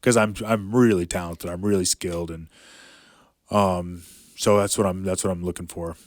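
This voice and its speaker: A man's voice: sits low, fairly even intonation, normal speed, dry recording, studio quality. A man in his thirties, a professional fighter, talking casually as a podcast guest and rambling with lots of filler words. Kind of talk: casual storytelling chat.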